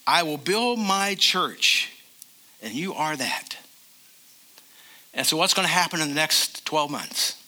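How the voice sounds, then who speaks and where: An older man preaching a sermon as a pastor, emphatic, and slowing down to stress key phrases. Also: on the high side, lively intonation, bright, forceful tone.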